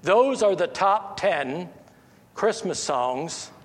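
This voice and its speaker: An American man speaks slowly, pausing and restarting as he works through his thoughts. His voice sits a little high for a man, and it rings with a long reverb, as if in a large hall. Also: expressive. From United States. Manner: halting, many restarts and fillers, rises when stressing a point. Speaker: Christian speaker. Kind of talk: informal teaching monologue.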